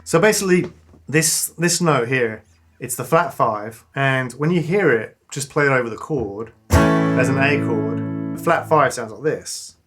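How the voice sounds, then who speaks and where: Man, guitar teacher, casual lesson, middle pitch, enthusiastic, loud guitar in the background. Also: measured pace. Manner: relaxed, enthusiastic, plays between phrases. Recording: clean guitar loud behind. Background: guitar playing.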